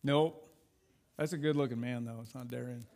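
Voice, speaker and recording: A man's voice: medium pitch, fairly even intonation, moderate pace, a little mellow. A man preaching a sermon to a church congregation as a youth pastor, conversational and self-deprecating with plenty of jokes.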